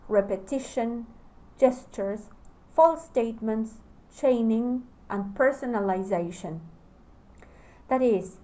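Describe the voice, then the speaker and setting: A Spanish-speaking woman delivers a recorded lecture on teaching in English. Her voice sits a little high, and she moves at an unhurried pace. She pauses often between phrases, like a teacher letting each point settle. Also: darkish tone, rough recording. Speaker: teacher trainer.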